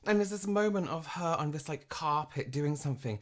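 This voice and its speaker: A man's voice: fairly high pitch, expressive. Blunt man critiquing like a makeup artist. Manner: frank, rambling critique with quick asides. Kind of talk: critiquing on a reaction video.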